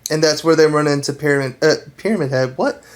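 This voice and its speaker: A woman's voice: low-pitched, fast. Giggly woman retelling an anime episode. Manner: giggly, animated retelling of scenes. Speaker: podcast co-host. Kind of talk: casual chat.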